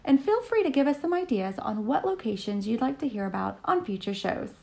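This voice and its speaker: A woman co-hosting a podcast, reading a scripted outro and chatting, quick to tease and laugh. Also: fairly high pitch, big pitch swings, creaky, darkish tone. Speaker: podcast co-host. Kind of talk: podcast chat and scripted narration.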